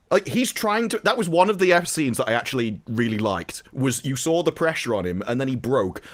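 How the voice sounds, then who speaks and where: A man with a slightly raised pitch, talking in a lively, animated way on a podcast. He keeps slipping into mocking put-on voices to act out scenes he is describing. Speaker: podcast guest. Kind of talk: casual podcast chat.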